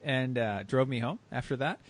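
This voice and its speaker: A man's voice: mid-range voice, moderate pace. A man hosting a casual car podcast, telling wry stories with many restarts. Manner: rambling, wry storytelling with restarts. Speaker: podcast host.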